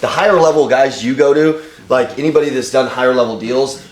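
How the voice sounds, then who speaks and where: A man's voice: medium pitch, quick pace, darkish tone. Casual man chatting in echoey room. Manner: casual, lots of filler words. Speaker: sales team member. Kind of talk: casual chat. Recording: echoey room, faint background noise.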